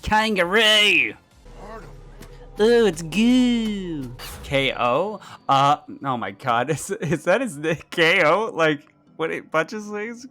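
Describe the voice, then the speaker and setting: Giggly woman streamer with a bright voice. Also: low-pitched, expressive, slow pace, hardly any pauses, soft background music. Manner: giggly, playful, swears for laughs. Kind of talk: casual gameplay commentary.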